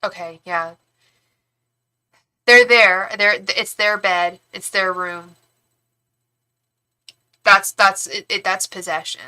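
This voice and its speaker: A woman's voice: medium pitch, steady tone, slow pace, long pauses, bright, forceful tone, clean tone. A young woman reading tarot live, talking in a rambling, frank way with casual swearing and many restarts. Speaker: tarot reader and psychic medium.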